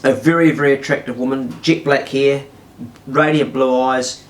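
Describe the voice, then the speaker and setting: A middle-aged man telling a casual, animated anecdote, swearing freely and acting out voices. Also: medium pitch, moderate pace. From New Zealand. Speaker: storyteller. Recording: roomy, distant mic.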